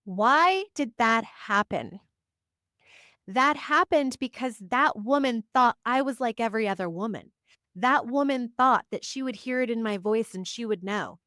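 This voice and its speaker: A woman's voice: on the high side, animated, measured pace, sharp tone, no room sound, clean studio sound. A woman, a psychic reader, talking casually to camera, stacking short emphatic affirmations and chatty asides. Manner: chatty, frequent "like" fillers. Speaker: psychic reader and spiritual teacher. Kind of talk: casual personal monologue to camera.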